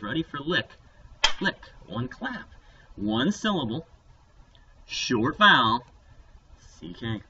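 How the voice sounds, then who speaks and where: A man teaches a phonics lesson to young children, playful and upbeat, his voice lively and bright with a slightly low pitch. He sounds somewhat away from the mic, and the recording is dull and lo-fi with a faint hiss behind it. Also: far from the mic.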